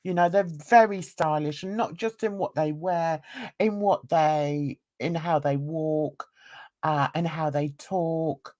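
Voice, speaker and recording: A woman's voice: deep voice, fairly even intonation, slow, darkish tone. A middle-aged English woman, an artist hosting a casual video chat, rambling and laughing often. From England. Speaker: artist and channel host.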